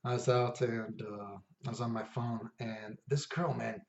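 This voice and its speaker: A man's voice: medium pitch, level tone, unhurried, creaky. Laid-back rambling man, echoey room. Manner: rambling, laid-back, many fillers and asides. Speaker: fragrance vlogger. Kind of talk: casual storytelling to camera. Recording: echoey room, dull lo-fi sound.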